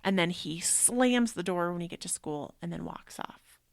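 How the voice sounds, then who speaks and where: A woman's voice: lowish voice, expressive, normal speed, gravelly, no room sound. A woman in her thirties who hosts a show and teaches yoga, telling a personal story in an emotional, rambling way and saying "like" often. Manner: emotional, rambling, frequent "like" fillers.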